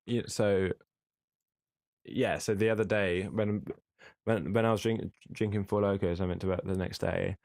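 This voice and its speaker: A man's voice: low-pitched, fairly even intonation, normal speed, vocal fry, darkish tone, dry recording, clean studio sound. A man co-hosting a podcast, rambling casually and swearing freely between yawns. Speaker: podcast co-host. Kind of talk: casual chat.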